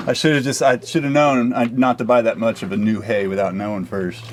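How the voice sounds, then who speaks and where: A man's voice: mid-range voice, little pitch movement, fairly quick. An easygoing man chatting on a farm vlog while he handles the animals. He is outdoors in a pen, and faint background hiss hangs under his voice. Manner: easygoing, talks to animals, laughs often. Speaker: homestead vlogger. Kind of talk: casual chat while doing farm chores.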